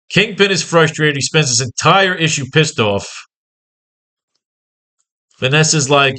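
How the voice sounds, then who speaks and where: A man's voice: medium pitch, normal speed, long pauses, bright, forceful tone. A man teaching comic book writing in a casual online lesson, talking in a profane, rambling, exasperated way.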